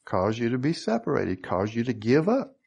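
A man's voice: mid-range voice, big pitch swings, moderate pace, vocal fry, darkish tone, slightly rough, dull audio. A man preaching a sermon, asking the congregation questions and acting out quoted voices.

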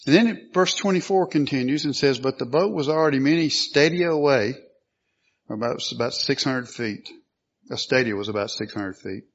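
A man preaching a sermon, reading scripture aloud and asking the listeners questions, clearing his throat often. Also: mid-range voice, normal speed. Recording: dull lo-fi sound.

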